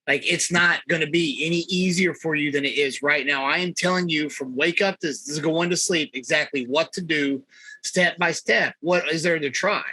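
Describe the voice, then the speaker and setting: A man's voice: on the high side, moderate pace, pushed and bright, no echo, poor audio. A man talking as a fitness coach in a casual podcast chat, blunt and emphatic, swearing freely.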